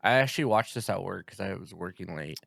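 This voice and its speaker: A man's voice: sits low, lively intonation, quick pace, gravelly, fairly bright tone, no echo. A man co-hosting a podcast in casual chat, giving laid-back, wry reactions. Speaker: podcast co-host.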